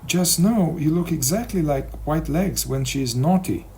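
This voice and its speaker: Worried young lover in an audiobook, gentle and coaxing, read by a male narrator. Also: fairly high pitch, normal speed, slight background noise, voice pushed up, close to an everyday voice. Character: anxious, tender young man in love.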